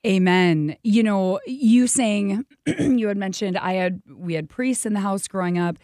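A woman's voice: mid-range voice, measured pace, warm tone, dry recording, clean studio sound. A woman filling in as a radio host, upbeat and playful, chatting with a guest in a casual interview. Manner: upbeat and playful, laughs often. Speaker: radio show fill-in host.

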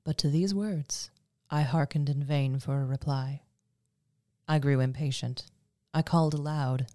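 A man with a gravelly voice reading a classic horror story as narrator and host, measured and dramatic. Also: medium pitch, steady tone, warm tone, dry recording, studio quality. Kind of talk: scripted audiobook narration.

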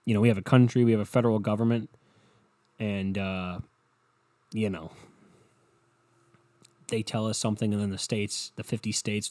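A young man rambles through a solo podcast, profane and sarcastic, tossing off jokes. His voice sits low and mellow. The sound is dry and close, with no room behind him. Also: no echo. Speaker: podcast host. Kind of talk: casual solo podcast rant.

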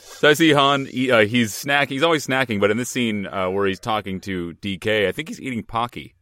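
A man's voice: on the low side, brisk, fairly bright tone, no room sound. A man co-hosting a casual movie commentary podcast, rambling and joking as he reads his notes. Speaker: podcast co-host.

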